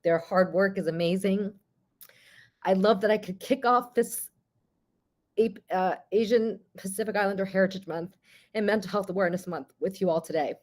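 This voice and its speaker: A woman, the board chair, giving warm, emotional closing remarks over a video call at a virtual conference. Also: medium pitch, moderate pace. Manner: emotional, effusive, chatty.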